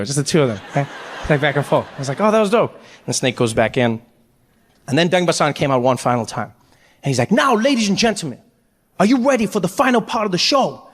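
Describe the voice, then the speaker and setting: A man doing stand-up storytelling, animated, acting out voices and laughing through his lines. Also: mid-range voice, long reverb tail. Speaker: stand-up comedian.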